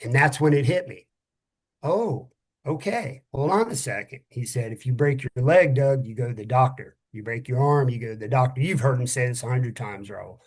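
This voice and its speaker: This is candid, conversational podcast talk from a middle-aged ex-police officer with a mid-range voice. He's blunt and slightly tired, curses casually, and frequently halts while groping for his words.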